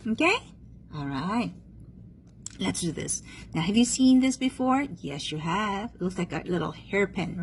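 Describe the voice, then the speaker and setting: A woman with a lowish voice teaches a one-on-one music theory lesson, heard in a low-quality recording with slight background noise. She is patient, checks understanding often, and has the student repeat terms after her.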